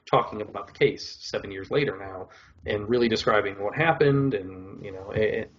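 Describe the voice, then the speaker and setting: Here a podcast co-host with a lowish, fairly bright voice speaks at normal speed, the highs cut off and a bit of background noise present. He's reviewing shows in a loose, rambling chat full of "like" and "whatever."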